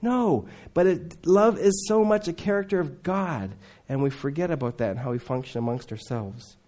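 A man preaching a sermon, swinging between loud emphatic lines and hushed, low asides. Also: moderate pace.

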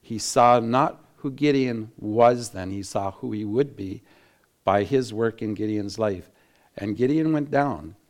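Animated male preacher teaching the Bible. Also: lowish voice, unhurried. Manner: animated, laughs, acts out quotes, frequent restarts. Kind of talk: sermon-style Bible teaching.

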